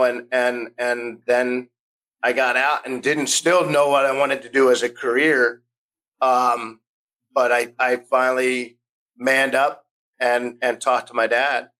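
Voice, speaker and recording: On a poor-quality recording, an American podcast guest in his fifties spins meandering stories, starting sentences over and performing the voices of people he quotes. His mid-range voice sounds pushed and bright.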